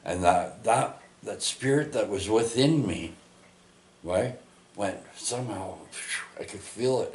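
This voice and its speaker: A man's voice: deep voice, darkish tone, a little hiss or hum. A man telling a rambling personal testimony, full of restarts and tag questions like "eh" and "right". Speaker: storyteller giving testimony. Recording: echoey room.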